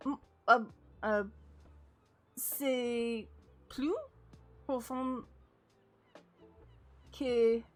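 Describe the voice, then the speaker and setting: A woman's voice: fairly high pitch, fairly even intonation, drawn-out words, pauses often, a little mellow. A woman streaming a game, chatting casually to her viewers in a giggly way and stopping often to correct herself. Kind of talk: casual live-stream chat while playing a game. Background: faint game music.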